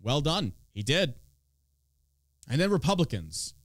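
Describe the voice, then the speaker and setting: A man hosting a podcast, ranting about politics with plenty of swearing and biting sarcasm. His voice sits a bit high for a man and swoops up and down in a very lively way. The sound is close and dry, with no room echo. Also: a little fast. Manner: profane, sarcastic, swinging between loud and mocking. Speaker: podcast host. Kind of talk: casual political rant.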